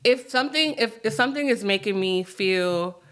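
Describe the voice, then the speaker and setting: A woman's voice: medium pitch, animated, moderate pace, a bit bright, clear, resonant tone. A woman co-hosting a podcast, talking casually and personally with many fillers and restarts. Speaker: podcast co-host. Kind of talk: casual chat.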